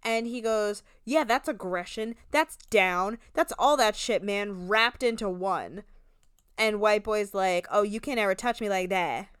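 A woman co-hosting a podcast, recapping a reality show in casual, animated chat, swearing freely and acting out quotes. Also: medium pitch, measured pace, smooth, no echo, studio quality.

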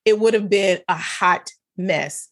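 A woman with a husky, slightly breathy voice tells personal stories in a relaxed faith-centered chat. Her pitch leaps up when she drives a point home, and she laughs easily between phrases. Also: slow. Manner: animated storyteller, laughs often, pitch jumps up for emphasis. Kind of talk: casual faith-based conversation.

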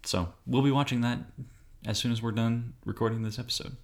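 A man's voice: medium pitch, fairly even intonation, a little fast. A man co-hosting a podcast in casual, playful chat about books and TV. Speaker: podcast co-host.

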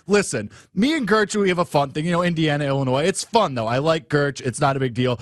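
A man's voice: a little high, quick pace, hardly any pauses, no echo. A brash, trash-talking man co-hosting a sports show, with a slightly raised voice. The sound is dry and close. He talks in a loose, joking way. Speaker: co-host. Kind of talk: casual sports talk.

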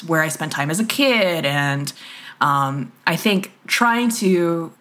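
Here is a woman guest in a relaxed interview with a bright, forceful tone and a slightly low voice. She rambles through her thoughts, full of fillers and restarts, and laughs often along the way. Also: slow pace. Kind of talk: casual interview chat.

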